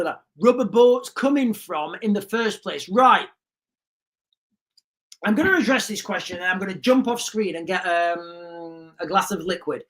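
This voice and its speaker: A man's voice: sits high, a bit bright. A man hosting a livestream, talking in a rambling, chatty way and laughing often. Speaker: livestream host. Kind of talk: casual livestream commentary.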